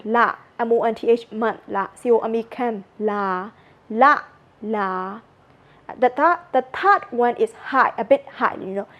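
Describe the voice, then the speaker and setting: A native Burmese speaker from Myanmar presents on language in an informal lecture, her Burmese accent clear and her pitch fairly high. She uses many "like" and "you know" fillers and slowly repeats sounds to demonstrate them. The sound quality is lo-fi.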